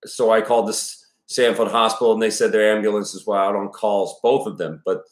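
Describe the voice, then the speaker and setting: A man's voice: lowish voice, steady tone, fairly quick, lightly acted. A man voicing a panicked middle-aged father who stammers and nearly screams, his voice breaking. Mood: shaken. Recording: echoey room.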